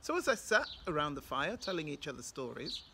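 This storyteller is a woman from Britain with a British accent and a deep voice that swings widely in pitch. She moves fairly quickly through an oral folktale, using dramatic, rhythmic repetition, with noise audible in the background.

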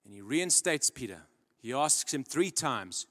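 A man preaching a sermon in earnest storytelling style, dropping to a hush and then rising to loud emphasis. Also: mid-range voice, sing-song, unhurried. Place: large church hall. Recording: long church-hall reverb.

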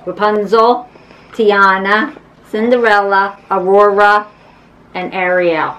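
An older woman, a grandmother, chatting playfully with a toddler at home, gently teasing. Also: mid-range voice, steady tone, takes it slowly, rough recording. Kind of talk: casual family chat with a toddler.

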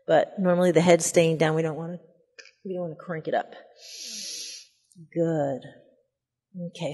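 Slow, soft-spoken woman leading yoga. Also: lowish voice, big-room sound. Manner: gentle, soothing cues with baby talk. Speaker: yoga instructor. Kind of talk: guided yoga class instruction.

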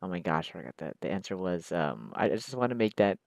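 A man's voice: sits low, very animated, quick pace, gravelly, no room sound. A man chatting casually while he draws, rambling in a slangy, profane, laid-back way. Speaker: artist drawing on camera. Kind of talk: casual chat while drawing.

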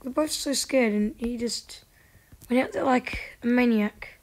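A woman hosting a gaming channel, giving casual gameplay commentary with excitable, frustrated outbursts. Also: fairly high pitch, unhurried, slight background noise.

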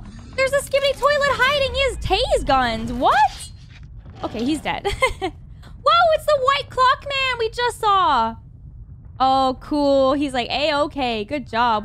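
An excitable woman with a very high voice hosts a reaction video, gasping often and talking to her viewers as she watches an animation.

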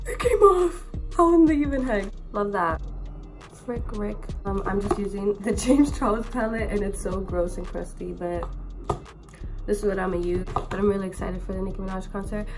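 Young female beauty vlogger, hoarse from a cold, casual chatty delivery, music underneath. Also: medium pitch. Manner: chatty, slangy and playful. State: sick, with a hoarse voice. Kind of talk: casual get-ready-with-me chat.

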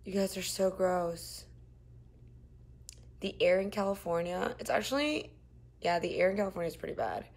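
A woman's voice: fairly low pitch, normal speed, pauses often. Nauseous young woman live-streaming. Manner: chatty, drifting between loud outbursts and tired murmurs. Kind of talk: casual live-stream chat reading comments. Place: shared apartment.

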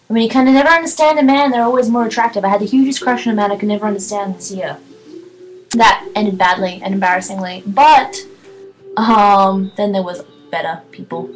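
A woman in her twenties chatting casually on her live stream, excitable, giggly and rambling. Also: medium pitch, poor audio. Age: 20s.

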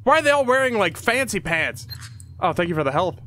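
A man giving excitable commentary on a horror game, yelping and shouting at scares. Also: high voice, a little fast, a little hiss or hum. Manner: jumpy, yelps and shouts at scares. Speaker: let's play host.

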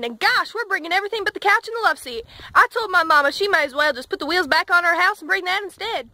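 A woman playing a cheerful country farm girl with a Southern drawl, telling deadpan one-liners. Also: extremely high pitch, no room sound. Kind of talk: comedy sketch.

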